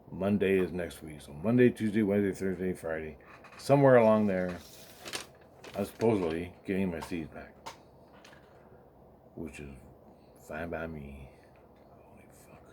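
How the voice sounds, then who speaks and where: A man's voice: sits low, mellow, slight background noise. A man rambling and swearing as he recounts a spiritual experience, acting out the dialogue in his story. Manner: rambling, profane, acts out quoted dialogue, laughs often. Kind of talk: rambling casual monologue.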